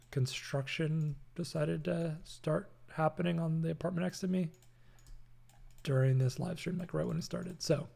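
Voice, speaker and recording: A man's voice: a little high, creaky, a little mellow. A young man hosting a casual live-streamed design tutorial from his apartment, talking loosely with many fillers and reading chat messages aloud. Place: home apartment.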